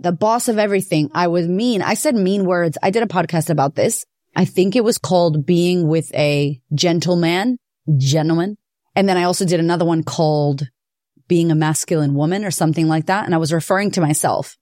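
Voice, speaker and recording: A woman hosting a podcast, telling her own story in a candid, profane, animated way. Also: lowish voice, dry recording, clean studio sound. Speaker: podcast host. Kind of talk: personal confessional monologue.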